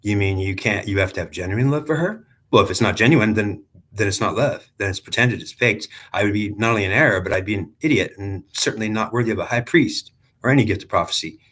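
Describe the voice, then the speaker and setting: A man speaking as a proud, anguished ancient male high priest in an earnest, self-justifying first-person monologue. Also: fast, hardly any pauses, a bit bright. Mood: insistent.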